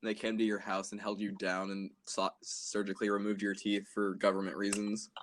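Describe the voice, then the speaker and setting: A man's voice: fairly low pitch, monotone, a little fast, slight background noise. A teenage man co-hosting a casual comedy podcast, joking and riffing with a laugh. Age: late teens. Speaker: podcast co-host.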